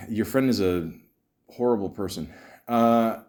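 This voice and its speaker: Male podcast host, exasperated rants, lots of stammering, lively pitch, unhurried. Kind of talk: comedic commentary.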